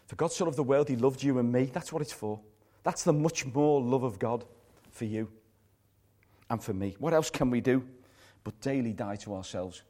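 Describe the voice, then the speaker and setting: A pastor giving a live sermon in a church service, earnest and repetitive, letting his phrases fall soft at the ends. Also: mid-range voice, moderate pace.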